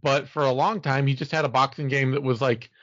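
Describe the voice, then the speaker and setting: A man's voice: medium pitch, steady tone, brisk, fairly bright tone, no room sound. A man hosting a sports podcast, breaking down upcoming fights in a chatty, analytical way with some self-mocking humor. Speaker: podcast host. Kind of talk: casual sports podcast chat. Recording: dull, slightly lo-fi dry sound.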